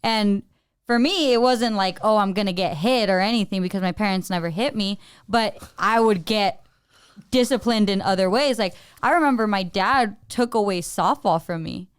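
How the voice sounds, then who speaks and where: A young woman co-hosting a podcast, telling animated stories about growing up and acting out her parents' lines. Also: medium pitch, moderate pace, clean tone, no echo, studio quality. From Mexican-American family. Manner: animated storyteller, acts out parents' lines, lots of "like". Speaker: podcast co-host. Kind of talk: casual chat.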